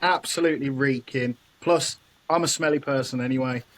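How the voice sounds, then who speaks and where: A man's voice: medium pitch, fairly quick, low-quality recording. A man telling a story playfully, laughing often, in a casual group chat. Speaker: scare actor and guest.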